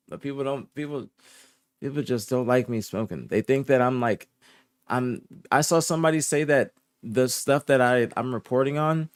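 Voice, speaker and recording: Soft-spoken laid-back young male streamer. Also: no room sound, studio quality. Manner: drifts between low murmurs and higher indignant outbursts. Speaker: streamer reporting esports news. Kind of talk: casual live-stream chat, reading and answering chat.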